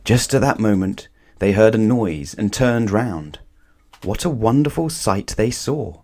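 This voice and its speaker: A man reads a children's bedtime story aloud in a calm, measured way. His voice sits a little low, and his delivery is gentle and unhurried.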